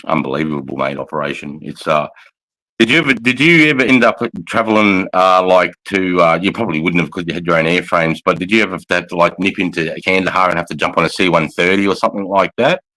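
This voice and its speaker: Deep-voiced swearing Australian man. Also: fast, sharp tone, rough recording. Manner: swears freely, calls people mate. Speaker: veteran guest. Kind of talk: casual chat.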